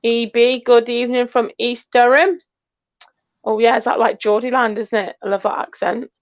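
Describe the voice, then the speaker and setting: A woman's voice: fairly high pitch, little pitch movement, moderate pace, no room sound, dull audio. An English woman co-hosting a casual live chat, teasing her friend and reading out viewer comments. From England. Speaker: co-host of a metal detecting channel.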